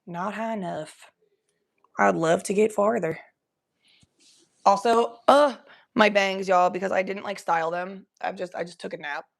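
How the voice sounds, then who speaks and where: A young woman from Cincinnati, talking in a put-on Southern drawl during a casual livestream chat, crude and rambling, high and coughing now and then. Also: fairly even intonation, a little slow, creaky, pauses often. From Cincinnati, Ohio.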